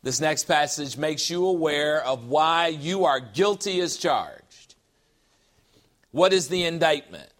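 Bright-voiced, high-pitched joking preacher. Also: male voice, slow. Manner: animated, joking asides, rhetorical questions. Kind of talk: sermon with humor.

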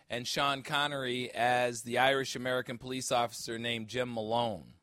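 A pastor from Chicago preaches into a handheld mic, firing one rhetorical question after another. His voice is bright and forceful. The sound is close and dry. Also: mid-range voice, smooth, dry recording. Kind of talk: sermon. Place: church. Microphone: handheld microphone.

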